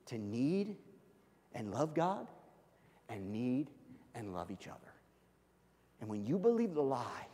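A man's voice: mid-range voice, dark tone, in a large hall. A middle-aged male pastor preaching a sermon in a conversational, self-deprecating storytelling manner.

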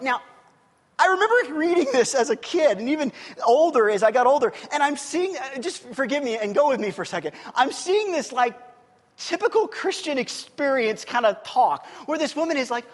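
A male preacher with a high, very lively voice delivers an animated, conversational sermon and keeps checking in with his listeners. His voice carries a long reverb from a large hall. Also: normal speed.

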